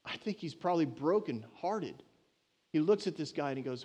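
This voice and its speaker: Guy preaching, high pitched, gets loud and fired up, very emphatic. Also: normal speed, slightly rough. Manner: animated and emphatic, surges loud with passion. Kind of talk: sermon.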